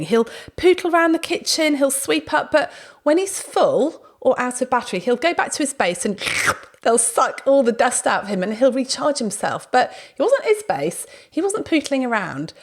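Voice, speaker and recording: A woman hosts a podcast in a casual, chatty way, with a voice sitting a little high. She tells stories with energy and slips into other people's voices when she quotes them. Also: moderate pace. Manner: lively storytelling, acts out quoted speech. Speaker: podcast host. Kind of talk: casual talk and anecdote.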